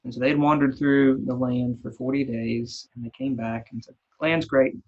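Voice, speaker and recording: A man's voice: mid-range voice, steady tone, moderate pace, darkish tone. A man leading a casual Bible study in a church, retelling scripture in plain, folksy everyday terms. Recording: dull lo-fi recording.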